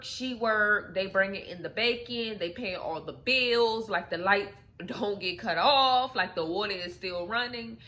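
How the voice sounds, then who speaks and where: A woman's voice: medium pitch, a bit bright. A young adult woman casually retelling a real-life story for her channel, chatty and loose, full of "like" fillers and asides to viewers.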